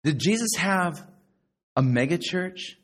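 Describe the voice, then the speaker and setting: A middle-aged man preaching a sermon to a live congregation, sarcastic and animated, now and then mocking other people's voices. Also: sits high, takes it slowly. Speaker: pastor.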